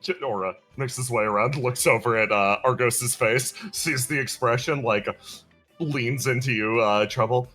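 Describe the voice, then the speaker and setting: A man's voice: medium pitch, normal speed, bright, forceful tone, faint music behind. A man narrating a tabletop game as game master, laughing often as he describes the scene. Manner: laughs constantly, giggly narration.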